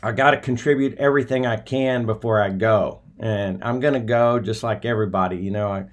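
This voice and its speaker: A man's voice: lowish voice, fairly quick. An older man on a live stream giving a heartfelt, folksy talk. He rambles, with many fillers and restarts. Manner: affectionate, folksy.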